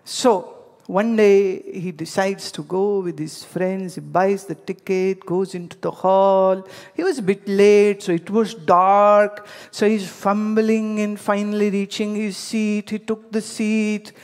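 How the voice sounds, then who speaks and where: A woman gives a spiritual teaching, weaving in anecdotes and speaking straight to her listeners. She talks slowly and deliberately. A long hall reverb trails each phrase. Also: medium pitch, little pitch movement, a little mellow. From India. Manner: storytelling, addressing listeners directly.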